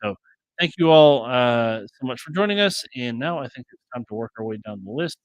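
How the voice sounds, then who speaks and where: A man's voice: medium pitch, animated, a little fast, dry recording, poor audio. A middle-aged man co-hosting a casual live-streamed travel tips show, rambling with restarts and jokes. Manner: rambling, stumbles and restarts, joking.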